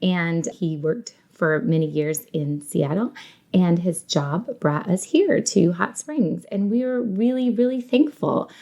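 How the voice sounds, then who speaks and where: A woman's voice: lowish voice, slow, gravelly, dark tone. A woman with a Northern US accent, chatting upbeat as a podcast guest and laughing easily. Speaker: podcast guest, children's ministry coordinator. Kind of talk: casual conversational interview.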